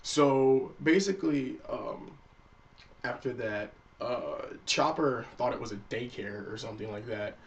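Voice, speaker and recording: Casting note: male anime-review vlogger, mid-pitched, relaxed and profane, sitting a little far from the mic. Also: a little slow, creaky, highs cut off. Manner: loose and profane, acts out characters' lines. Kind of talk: casual spoken episode recap.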